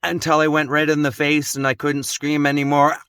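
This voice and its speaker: An adult man telling a personal story in an emotional, intense way, growing slow and quiet at its gravest. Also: on the high side, completely flat delivery, clear, resonant tone, dry recording. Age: adult, has children. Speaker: vlogger.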